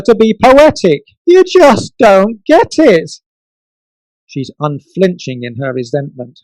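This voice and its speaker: A man reading his comic poems at a book launch, theatrical, swinging from loud outbursts to soft murmurs. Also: sits high, no echo, poor audio. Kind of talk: comic poetry reading and casual asides.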